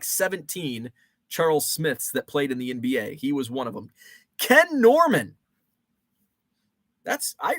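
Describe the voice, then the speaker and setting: A man's voice: a little high, a bit bright, no room sound. A man in his forties hosting a casual rambling monologue, thinking aloud with fillers and restarts. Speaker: show host. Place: home basement.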